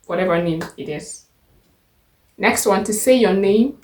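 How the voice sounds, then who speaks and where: A Nigerian woman walks through a beginner language lesson, saying each phrase slowly and then repeating it. Her pitch sits in an ordinary middle range. The recording carries a noticeable echo from the room around her. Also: darkish tone. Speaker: language teacher.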